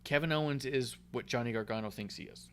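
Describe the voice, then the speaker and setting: Male co-host, casual and animated, salty language, quotes others as he goes. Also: medium pitch, fast talker, a little hiss or hum. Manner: excitable, swears, acts out quotes. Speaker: podcast co-host. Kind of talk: casual wrestling chat.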